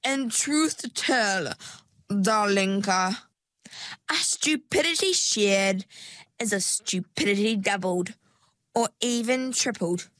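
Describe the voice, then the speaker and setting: A woman reading puts on a controlling mer-woman from a storybook. Her voice drips slow and sweet, patronizing and a little louder than the narration. The sound is dry and close. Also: mid-range voice, dry recording. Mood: sugary menace. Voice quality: syrupy, drawn-out and sweet. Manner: patronizing, with sugary pet names.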